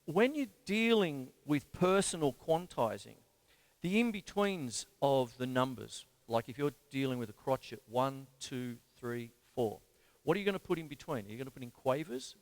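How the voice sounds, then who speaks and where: Chatty Australian drum teacher counting beats. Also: male voice, on the high side, animated, normal speed, soft background music. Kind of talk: live-streamed drum lesson. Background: drum kit playing.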